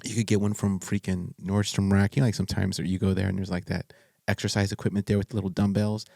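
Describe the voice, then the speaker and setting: A man hosting a podcast, chatty and excitable, with slang and restarts. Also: sits low, fast talker, gravelly, no room sound, studio quality. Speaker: podcast host. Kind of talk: casual interview conversation.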